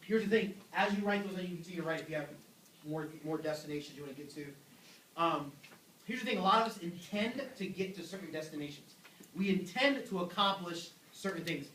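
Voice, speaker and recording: A young man giving a youth sermon, animated and joking, acting out little voices. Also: sits high, brisk, recorded from a distance, a little hiss or hum. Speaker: youth pastor. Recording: echoey room, voice from afar.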